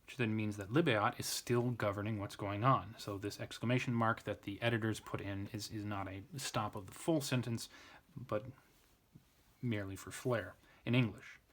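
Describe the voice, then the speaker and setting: Man, lowish voice, casual grammar walkthrough, self-correcting, halting. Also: fairly even intonation, a bit bright. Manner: thinks aloud, restarts and self-corrects. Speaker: Latin tutor. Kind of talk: informal grammar lesson.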